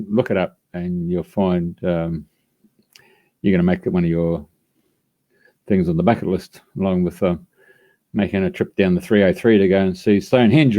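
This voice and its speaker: A man's voice: lowish voice, dark tone, highs cut off. A man hosting a live radio show, introducing a guest in a rambling way with many fillers. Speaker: radio host.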